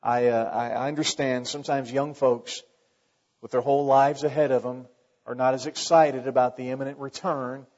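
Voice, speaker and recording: A man's voice: medium pitch, steady tone, moderate pace, darkish tone. A man preaching a sermon as a pastor, in a conversational way with wry asides. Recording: long hall reverb, dull lo-fi sound.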